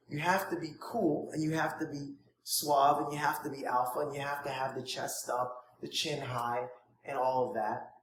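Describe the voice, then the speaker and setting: A man coaching students on prospecting in an energetic, informal way, acting out sample conversations. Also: fairly high pitch, a little hiss or hum. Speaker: network marketing trainer. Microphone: phone. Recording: echoey room, faint ambience, phone recording.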